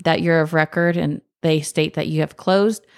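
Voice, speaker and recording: A woman with a slightly low voice explains the process as a podcast co-host. She talks briskly, in quick bursts, with casual asides. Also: steady tone, gravelly, a little mellow, clean tone. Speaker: podcast co-host, escrow professional.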